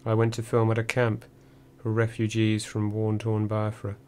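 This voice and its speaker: A male narrator reads a memoir in a low, steady voice with little rise and fall. His delivery is measured and dry. A faint hum sits underneath. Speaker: audiobook narrator. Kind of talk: first-person memoir reading.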